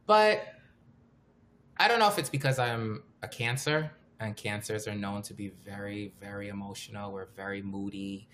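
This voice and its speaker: A man's voice: fairly low pitch, moderate pace, fairly bright tone, a little hiss or hum. A man co-hosting a podcast, talking casually and animatedly, joking and laughing easily. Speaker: podcast co-host. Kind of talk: casual chat.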